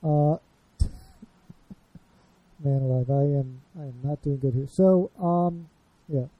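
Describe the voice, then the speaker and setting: A man's voice: medium pitch, takes it slowly, no echo, dull audio. A man in his thirties with a Chicago accent, hosting a casual podcast chat, rambling and self-deprecating as he fumbles with his notes. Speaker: podcast host.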